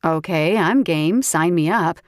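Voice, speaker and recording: A woman voicing a playful, teasing young female shifter friend in an audiobook, pitching her voice a little lower. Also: unhurried, no room sound, clean studio sound, close to an everyday voice. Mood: amused.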